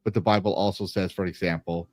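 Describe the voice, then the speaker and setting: Male podcast host, lower register, rambling earnest talker, dead-dry sound. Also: fairly even intonation, fast talker, a little mellow, no echo. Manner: rambling, restarts and fillers, earnest. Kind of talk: casual podcast chat.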